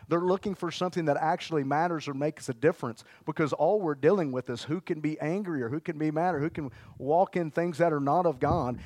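A man delivering an energetic church sermon in a fairly high voice. He calls out exclamations and has the congregation repeat lines back to him. The sound is dry and close. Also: dry recording. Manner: energetic, exclamatory, leads call-and-response. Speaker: preacher.

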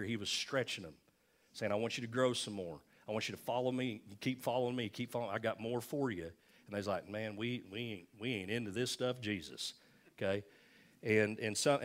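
An older pastor with a low voice preaches a sermon from the pulpit. He addresses the congregation as if they were old friends, adding folksy asides and repeating phrases for emphasis.

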